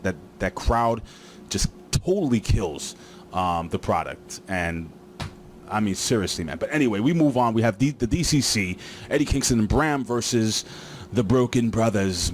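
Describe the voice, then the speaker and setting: A man's voice: on the low side, normal speed, a little hiss or hum. A man casually recapping a wrestling show, rambling with lots of fillers and joking asides.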